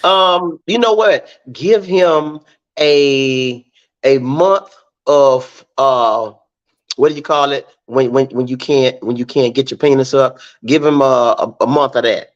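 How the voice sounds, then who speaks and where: A man's voice: medium pitch, slow, highs cut off. A middle-aged man, a comedian guesting on a podcast, chatting casually and repeating words as he searches for them. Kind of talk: casual chat.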